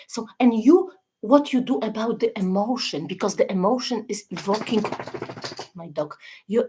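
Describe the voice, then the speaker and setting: A woman speaking as a self-help guide, her voice husky with a breathy edge. She talks earnestly and repeats herself, often stopping to check in with her listeners. Her phrasing is halting, with frequent restarts. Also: mid-range voice. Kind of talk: casual motivational talk.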